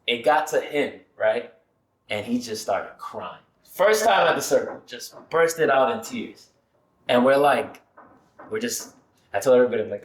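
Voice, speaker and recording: A man's voice: mid-range voice, normal speed. Storytelling man in an echoey room. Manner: animated storyteller. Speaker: men's support circle leader. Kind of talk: casual podcast conversation.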